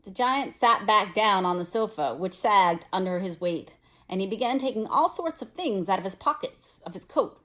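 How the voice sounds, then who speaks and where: Woman reading a novel aloud. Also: medium pitch. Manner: expressive, pauses to explain to listeners.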